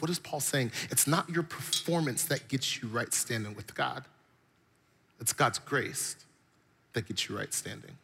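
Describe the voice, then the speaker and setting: A man's voice: mid-range voice, animated, a little slow, gravelly, bright, forceful tone, breathy edge. A man preaching a sermon, telling stories with animation and building his points through repetition. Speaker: pastor.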